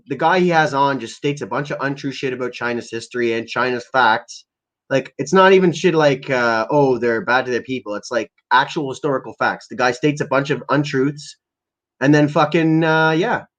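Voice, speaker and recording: A man from Canada ranting casually and profanely to his live chat as a stream host, rambling and heated. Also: fairly high pitch. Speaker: livestream host.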